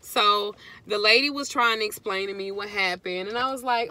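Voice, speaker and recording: A woman's voice: mid-range voice, moderate pace, hardly any pauses, bright, forceful tone. A middle-aged woman, telling a rambling story to her viewers and greeting them between sentences. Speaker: vlogger.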